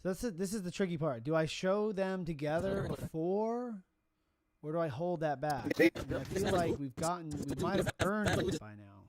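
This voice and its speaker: A man's voice: on the high side, lively intonation, moderate pace. A man who films weddings, talking casually as he explains his editing step by step. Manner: chatty, explains as he works. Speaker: wedding videographer. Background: music.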